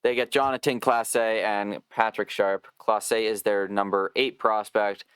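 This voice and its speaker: Smooth-voiced young man hosting a sports podcast. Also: lowish voice, measured pace, dry recording, clean studio sound. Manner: profane, animated storytelling with laughter. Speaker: podcast host. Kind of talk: casual sports chat.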